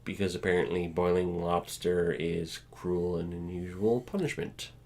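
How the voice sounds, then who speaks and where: Man, from Canada, casual co-host, fairly low voice, dry relaxed delivery, filler-heavy news reading. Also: moderate pace. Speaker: podcast co-host.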